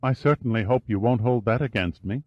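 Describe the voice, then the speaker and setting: A man's voice: mid-range voice, a little fast, no echo, lo-fi sound, natural voice. A male narrator voicing a flirtatious British woman of about thirty with a trace of German in her accent. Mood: playful. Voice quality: soft, stammering at first.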